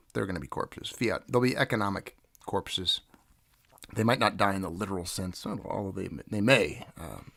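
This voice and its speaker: A man's voice: lowish voice, creaky, fairly bright tone, dry recording, clean studio sound. A man hosting a casual livestream, rambling and greeting viewers by name, sounding stuffed up from nasal congestion. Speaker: livestream host.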